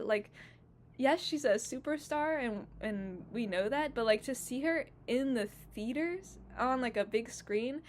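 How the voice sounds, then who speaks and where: A woman's voice: a little high, lively intonation, normal speed, slight background noise. A woman in her twenties recapping casually for her vlog, gushing and emotional, full of fillers. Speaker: YouTuber.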